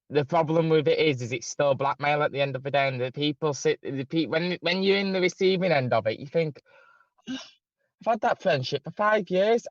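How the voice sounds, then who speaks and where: A man's voice: a little high, no echo. A man in casual chat who talks with animation, swearing and mimicking others in a raised voice. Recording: dry, dull lo-fi sound.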